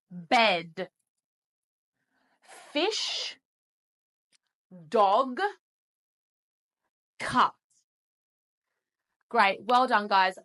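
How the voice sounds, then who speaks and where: A woman with an Australian accent teaching a basic English lesson, repeating sounds and words slowly and encouraging learners. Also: mid-range voice, pushed and bright. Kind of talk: slow, clearly enunciated English lesson.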